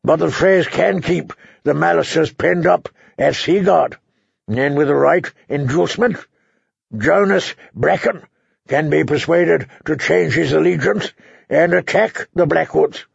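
A man voicing a cold, commanding older lord, speaking in a slow, measured, authoritative way on a dull, dry recording. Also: fairly high pitch, gravelly, husky, dry recording, full character voice.

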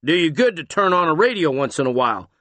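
A man reading aloud and voicing a gruff, impatient male police officer who is all business. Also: a little high, big pitch swings, quick pace, pushed and bright, dry recording, voice pushed up.

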